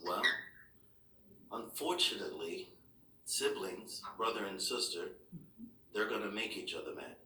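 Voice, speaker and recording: A man's voice: on the low side, expressive, unhurried, long pauses, pushed and bright, a little hiss or hum. A man speaking as a father, talking patiently and firmly with his child, reassuring him. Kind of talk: serious heart-to-heart with a child. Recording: echoey room, mic far off.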